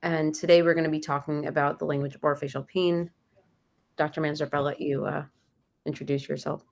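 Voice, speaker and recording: Low-voiced woman introducing a talk. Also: little pitch movement, a little fast, gravelly. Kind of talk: presentation introduction.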